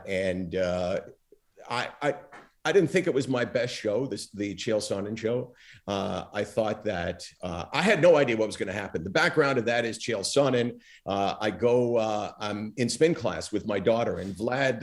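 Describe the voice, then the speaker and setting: A middle-aged man, a former talk show host, telling stories as a podcast guest and acting out the dialogue he quotes. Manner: animated storyteller, acts out quoted dialogue with big pitch swings. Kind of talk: storytelling interview talk.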